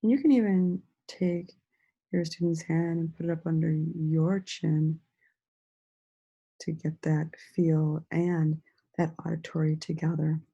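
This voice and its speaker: A woman teacher giving a slow, sing-song lesson to young children, stretching out words and praising them often. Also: low voice, fairly even intonation, creaky, mellow, slightly rough, highs cut off. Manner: encouraging, drawn-out words with frequent praise.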